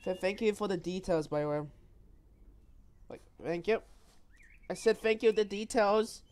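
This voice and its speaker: A woman's voice: mid-range voice, unhurried, a little mellow. A woman recording herself playing an online VR game, joking around and trash-talking other players in casual chat. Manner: joking trash talk with repeated phrases.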